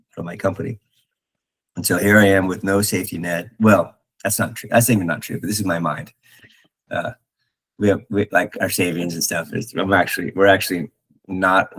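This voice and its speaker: A man talking earnestly in a reflective spiritual talk, halting with many restarts and fillers. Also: sits low, slightly rough, low-quality recording. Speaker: podcast host.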